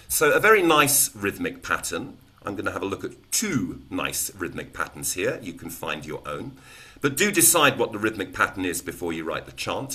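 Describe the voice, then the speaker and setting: A man, a teacher trainer giving a lesson who explains calmly and then breaks into loud, rhythmic chants. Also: fairly low pitch.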